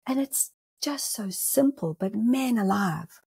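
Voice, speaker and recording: A woman's voice: on the high side, slow pace, vocal fry, slightly rough. A woman from South Africa with a South African accent, a spiritual medium talking animatedly as a podcast guest and laughing often. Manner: animated, laughs often, acts out inner voices. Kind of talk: podcast conversation.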